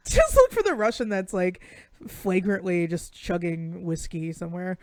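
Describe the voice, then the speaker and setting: A woman's voice: lowish voice, animated, moderate pace, darkish tone, no room sound. A young woman co-hosting a casual sports chat stream, bubbly and laughing often, swearing freely. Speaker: podcast co-host.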